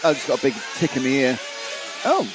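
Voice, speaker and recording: A man's voice: medium pitch, very animated, a little fast, very noisy. A man doing live commentary on a model car race, chatty and reading out viewer comments.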